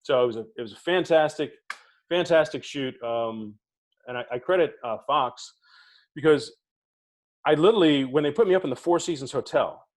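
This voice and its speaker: A man's voice: on the high side, normal speed. A middle-aged man, a podcast co-host, telling theatre stories in casual talk and acting out the people he quotes. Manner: animated anecdotes, acting out quoted voices. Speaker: podcast co-host being interviewed. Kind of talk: casual storytelling.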